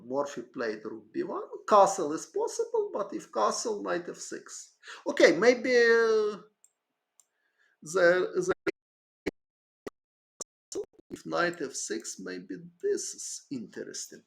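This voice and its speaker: A man analysing a chess game aloud in halting, hesitant English, as a chess teacher. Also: high voice, big pitch swings, gravelly, a bit bright.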